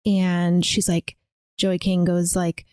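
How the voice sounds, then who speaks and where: A woman's voice: on the low side, flat delivery, slow pace, darkish tone, clear, resonant tone, no echo, studio quality. A woman co-hosting a podcast in casual chat, retelling a horror film scene beat by beat and quoting the characters. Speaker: podcast co-host.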